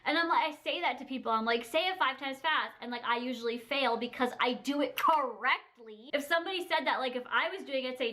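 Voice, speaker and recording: Sassy high-voiced woman ranting. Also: fast, hardly any pauses. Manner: animated, sassy, laughs often, mimics people. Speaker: vlogger. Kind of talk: casual ranting to camera.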